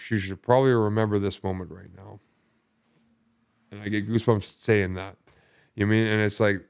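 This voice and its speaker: Swearing, rambling man telling his story. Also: on the low side. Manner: rambling, heavy swearing, many fillers. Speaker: podcast guest. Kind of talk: recovery story, casual talk.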